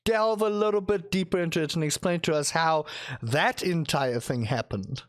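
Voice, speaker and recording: An excitable male podcast host with a slightly raised pitch. He chats with his guest in a playful, theatrical way and jokes around with real enthusiasm. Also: normal speed. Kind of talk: casual interview chat.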